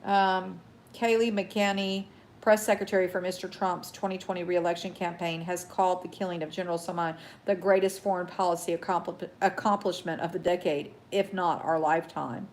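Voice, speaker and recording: A woman hosting a casual live news show, reading headlines haltingly with many ums, chatting to viewers and getting heated about the news. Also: lowish voice, steady tone. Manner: reads haltingly with many ums, greets chat viewers, gets heated and worked up. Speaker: host.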